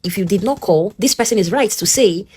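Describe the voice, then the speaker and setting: A woman's voice: mid-range voice, lively intonation, brisk, dark tone, slightly rough. A woman with a Nigerian English accent giving a motivational teaching talk, speaking earnestly and directly to the listener and often checking in with them.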